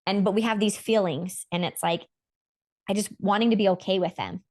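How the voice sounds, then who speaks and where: A woman's voice: medium pitch, brisk, darkish tone. A woman hosting a casual spiritual chat, talking in an earnest, rambling way about feelings and growth. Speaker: podcast host.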